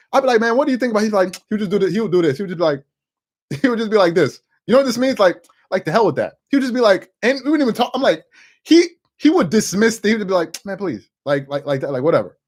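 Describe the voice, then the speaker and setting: A man hosting a live sports talk stream, his pitch swinging widely as he gets worked up over the numbers. He talks loosely, doubling up on words and breaking off to answer the chat. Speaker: sports talk show host.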